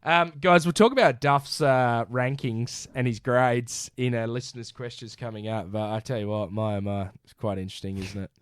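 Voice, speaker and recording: A man with an Australian accent co-hosting a casual sports podcast, reading off stats in an animated way and calling his co-host mate. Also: mid-range voice, normal speed, hardly any pauses, clear, resonant tone, no room sound, studio quality. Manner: animated, rattles off stats, says mate a lot.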